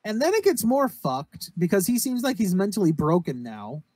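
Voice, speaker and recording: A man's voice: high-pitched, very animated, moderate pace, a little mellow, no room sound. A man co-hosting a casual podcast, rambling and swearing while he recaps a story and acts out its quotes. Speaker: podcast co-host. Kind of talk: casual chat recapping a horror anime.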